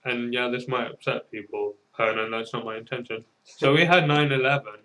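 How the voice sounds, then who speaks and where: A man's voice: medium pitch, steady tone, fairly quick, pushed and bright, low-quality recording. A man chatting in an informal group discussion, talking in a rambling, hesitant way and acting out little quotes. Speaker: discussion participant.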